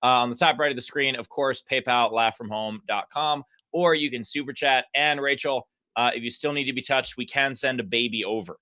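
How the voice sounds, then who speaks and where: A man's voice: medium pitch, a little fast, hardly any pauses, sharp tone, no room sound. A man hosting an online comedy show, easygoing as he plugs the tip jar between acts. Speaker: show host.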